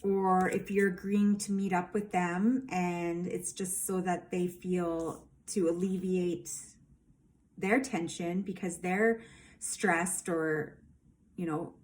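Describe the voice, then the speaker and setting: A woman's voice: on the low side, fairly even intonation, takes it slowly, darkish tone. A woman giving a casual tarot reading, emphatic and rambling, with lots of fillers. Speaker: tarot reader.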